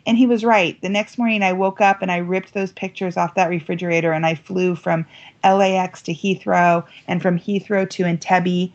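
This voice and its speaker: Woman, American, middle-aged, guest, animated storytelling, dull lo-fi audio. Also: normal speed. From United States. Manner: lively, quotes voices with big pitch jumps.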